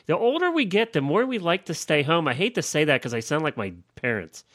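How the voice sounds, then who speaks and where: Easygoing man with a bright, forceful voice. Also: on the high side, very animated, a little fast, no room sound. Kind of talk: casual holiday chat.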